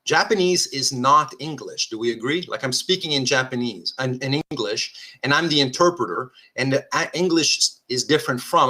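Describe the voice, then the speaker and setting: Guy giving a philosophy lecture, bright edgy voice, keeps restarting and asking if everyone's following. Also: medium pitch, slightly rough. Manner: thinks aloud, checks in with listeners often; self-correcting restarts, informal asides. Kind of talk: live lecture at a diagram.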